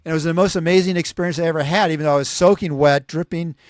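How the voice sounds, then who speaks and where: Brief higher-voiced man in his 60s, rambling anecdotes. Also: very fast, no room sound, studio quality. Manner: rambling, animated, acts out quoted voices. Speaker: podcast co-host. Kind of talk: casual storytelling.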